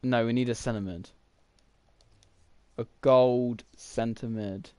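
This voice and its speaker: A man's voice: mid-range voice, steady tone, slow, dark tone, clean tone, no room sound. A young man, rambling through casual gameplay commentary while thinking aloud with lots of fillers. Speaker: gaming YouTuber.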